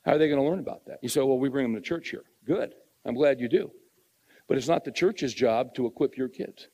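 A man's voice: medium pitch, a little fast, darkish tone, slightly rough, long reverb tail. A middle-aged man preaching a sermon in an earnest, conversational way, repeating phrases for emphasis.

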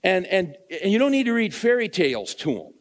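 A man's voice: sits high, huge pitch swings, brisk, in a large hall. Earnest middle-aged male preacher. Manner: earnest, conversational preaching with repeated phrases. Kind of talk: sermon.

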